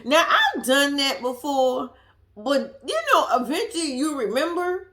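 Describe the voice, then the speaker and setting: A woman's voice: high voice, very animated, unhurried, bright, forceful tone. A woman vlogger telling a story to her viewers in casual chat, swearing freely and laughing at herself.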